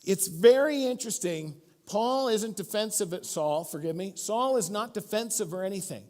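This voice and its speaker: A middle-aged man delivers a sermon in church. His voice sits somewhat high for a man, and he talks in a casual, storytelling way, acting out the lines he quotes. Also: moderate pace. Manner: storytelling, animated, acts out quotes. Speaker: pastor.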